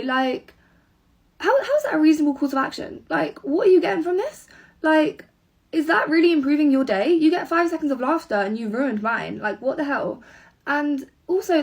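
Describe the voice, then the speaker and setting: A woman's voice: high voice, far from the mic. A young woman telling an indignant, sweary story in a casual vlog. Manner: indignant, swearing, animated retelling.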